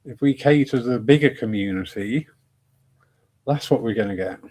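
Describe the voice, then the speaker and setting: A man's voice: medium pitch, normal speed, darkish tone. A man hosting a discussion evening, chatting in a rambling, self-mocking way and laughing often. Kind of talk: casual rambling talk.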